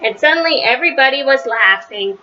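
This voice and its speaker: A woman reading a children's picture book aloud, with a lively delivery that rises high on the characters' shouts. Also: a little fast, muffled recording, slight background noise. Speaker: storybook reader.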